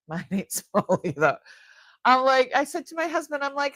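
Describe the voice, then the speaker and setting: A woman's voice: fairly high pitch, lively intonation, unhurried, long pauses, a bit bright, no echo. A middle-aged woman hosting a live jewelry sale, chatting casually with her viewers, often laughing and trailing off mid-sentence. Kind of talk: casual live-stream chat.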